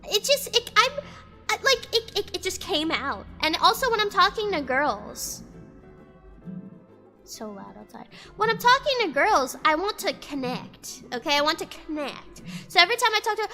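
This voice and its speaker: Rambling high-voiced young woman, swearing casually. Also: big pitch swings, moderate pace, sharp tone, faint music behind. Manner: rambling, swears freely, lots of "like". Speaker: vlogger. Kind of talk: casual storytime rant. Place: indoors, outside noise audible.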